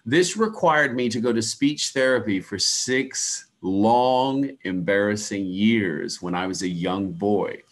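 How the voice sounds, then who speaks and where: A middle-aged man with a softened Midwestern American accent, teaching English pronunciation in an online class, speaking slowly and deliberately and spelling out words. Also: fairly low pitch. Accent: American Midwest, softened by years abroad.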